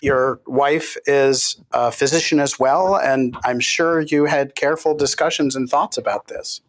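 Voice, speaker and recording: A man's voice: medium pitch, steady tone, unhurried. Dry, teasing male interviewer. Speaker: interview host. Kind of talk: interview questions.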